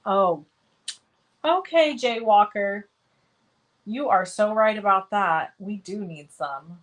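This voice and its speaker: A woman leads a live cardmaking lesson in a chatty, easygoing way. Her voice sits at an ordinary middle pitch. She talks through each step as she works and pauses to answer viewers by name, often poking fun at herself. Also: animated, rough recording. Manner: self-deprecating, talks while working. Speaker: crafting stream host.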